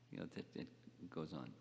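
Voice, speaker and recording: An older man giving a scripture class lecture, speaking haltingly, repeating words and asking the class questions. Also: darkish tone, long reverb tail, slight background noise. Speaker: spiritual teacher.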